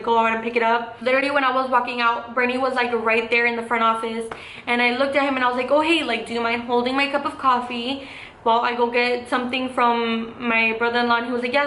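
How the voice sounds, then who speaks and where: A young woman chats through a casual story-time vlog with a bright, slightly high voice. She talks loosely, leaning on "like" and "um" as she goes. The room is echoey, with a faint hiss under the voice. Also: flat delivery, fast talker. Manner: chatty, full of "like" and "um" fillers. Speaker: vlogger.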